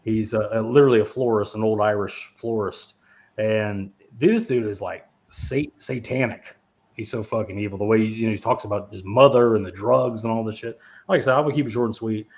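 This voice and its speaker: A man's voice: fairly low pitch, brisk, a little mellow, muffled recording. A man co-hosting a casual movie podcast who rambles, swears freely and laughs often as he talks. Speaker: podcast co-host. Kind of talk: casual movie review chat.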